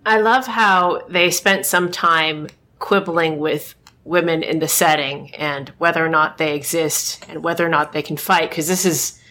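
A woman with a slightly low voice co-hosting a casual podcast, with faint background noise. She talks in a reflective, musing way and laughs often. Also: steady tone, a little slow, few pauses, pushed and bright. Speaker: podcast co-host. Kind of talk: casual chat.

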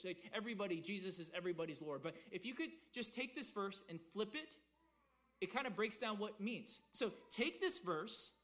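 A young man delivers a sermon. His voice sits high, and he talks animatedly, repeating words and acting out quotes. He swings between loud, emphatic moments and quick, quiet asides. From American South. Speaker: pastor.

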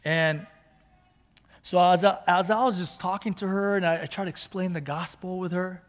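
A man's voice: sits high, fairly even intonation, moderate pace. A male pastor telling a personal story in a sermon, conversational and rising to fervent emphasis, with Japanese phrases mixed in. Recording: long hall reverb.

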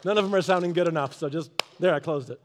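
A man giving a casual devotional talk, telling a story in a lively way and acting out both sides of an argument. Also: on the high side, quick pace, background noise. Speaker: Christian speaker. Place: garage office.

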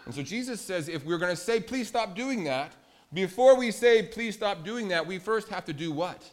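Male pastor, children's sermon, animated, quizzes the kids, slightly high voice. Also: moderate pace. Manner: animated, asks children questions. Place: church sanctuary.

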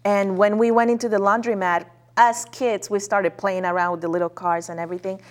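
A woman from Mexico shares a personal story as a guest, her voice sitting at a middle pitch. She talks casually and earnestly, pausing now and then on soft hesitant fillers. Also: fairly even intonation.

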